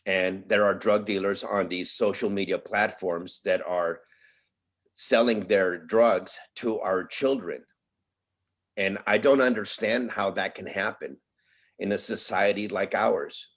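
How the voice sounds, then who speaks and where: Grieving father pleading at a podium. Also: fairly low pitch. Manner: pleading, voice breaking with emotion. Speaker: bereaved father speaking at press conference. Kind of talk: emotional public statement.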